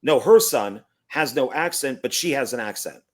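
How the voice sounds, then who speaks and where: A man hosting a casual film review chat, explaining points in a measured way. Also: medium pitch, animated. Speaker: podcast host.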